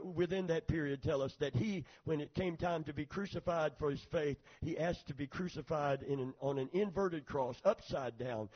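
Male preacher, high husky voice, lively sermon delivery with amen call-outs, on a dull lo-fi recording. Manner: calls for amens, retells scripture with acted quotes.

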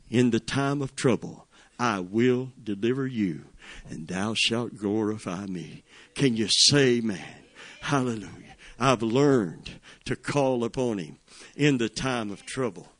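A middle-aged man preaching a sermon, reading scripture with drawn-out emphasis and rising fervor. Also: medium pitch. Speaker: pastor.

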